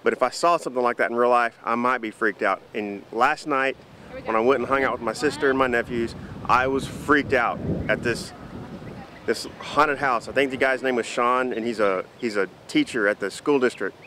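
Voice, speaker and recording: A man telling a story to the camera in an animated, chatty vlog. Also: mid-range voice, normal speed, a little hiss or hum. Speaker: vlogger.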